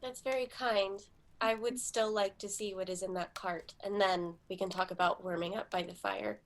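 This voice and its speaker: A woman's voice: medium pitch, steady tone, moderate pace, a little hiss or hum, pitched below the performer's own voice, close to an everyday voice. A woman playing a young princess who speaks formally and insists on getting her way. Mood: firm. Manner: formal, determined, a bit haughty.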